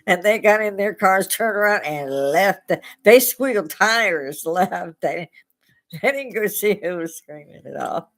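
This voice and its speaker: A woman's voice: medium pitch, expressive, measured pace, fairly bright tone. A woman hosting a casual chat, telling spooky stories and laughing often as she goes. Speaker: host. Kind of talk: casual storytelling.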